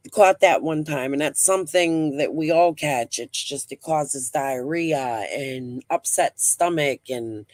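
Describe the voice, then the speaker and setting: A woman's voice: sits low, a little mellow, dry recording. A middle-aged woman hosting a casual live stream. She talks bluntly, rambles, swears freely and breathes heavily.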